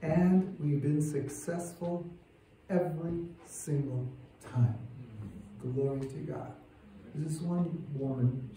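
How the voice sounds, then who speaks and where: A male lay preacher, speaking as a church speaker, delivers a sermon with emphasis and rising fervor. His medium-pitched voice is mellow, picked up by a distant mic in a reverberant church sanctuary, so it sounds echoey and far off with slight background noise.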